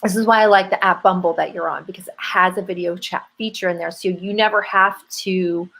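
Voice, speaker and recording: A woman's voice: fairly low pitch, fairly quick, vocal fry, slight background noise, rough recording. A woman coaching on dating as a show guest, talking with energy and often acting out bits of dialogue. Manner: energetic, acts out dialogue in quoted voices. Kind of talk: advice talk on a show.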